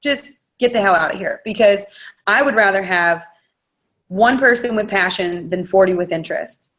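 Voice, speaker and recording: A woman's voice: mid-range voice, moderate pace, a bit bright. A woman on a video call, giving a blunt, frank and fired-up motivational talk as a network marketing leader.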